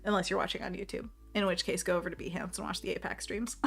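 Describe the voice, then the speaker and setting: A woman's voice: fairly low pitch, fairly even intonation, fast, vocal fry, fairly bright tone, husky. Chatty woman hosting a painting stream. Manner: chatty, reads chat aloud, laughs often; talks to herself while working. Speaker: livestream host painting envelopes. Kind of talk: casual livestream chat while painting.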